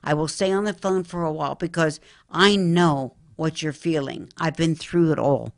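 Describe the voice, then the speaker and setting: A woman's voice: low-pitched, moderate pace. A middle-aged woman from the Philadelphia area, a psychic medium telling earnest stories in an interview. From Philadelphia, Pennsylvania area. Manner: earnest, storytelling, addresses listener as honey. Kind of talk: interview talk.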